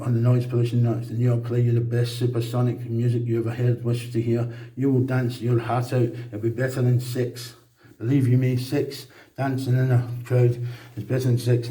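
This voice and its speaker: A man's voice: medium pitch, dark tone. Rambling man, roomy echo. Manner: rambling, emphatic, preachy monologue. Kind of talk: casual monologue.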